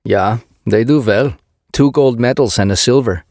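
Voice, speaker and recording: A man's voice: mid-range voice, moderate pace, a little mellow, no echo, studio quality, voice pushed up, natural voice. A man voicing a huge, terse Swedish male ex-wrestler turned scientist, with a Swedish accent and clipped, broken-English replies.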